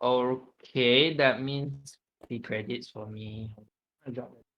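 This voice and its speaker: A man taking part in a tabletop role-play. He speaks slowly, in a cautious and halting way, at an ordinary middle pitch. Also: steady tone, highs cut off. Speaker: player.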